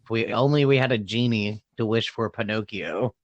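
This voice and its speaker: A man co-hosting a podcast in casual banter, throwing in jokes and quick quips. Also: on the low side, no echo, lo-fi sound. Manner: joking asides, quick quips. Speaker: podcast co-host.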